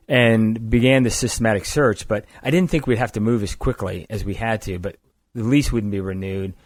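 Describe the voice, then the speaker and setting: A man's voice: fairly low pitch, no room sound. An older man, a company founder, telling long stories in an interview, often restarting and correcting himself. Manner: rambling, self-correcting, energetic storyteller. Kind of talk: conversational storytelling interview.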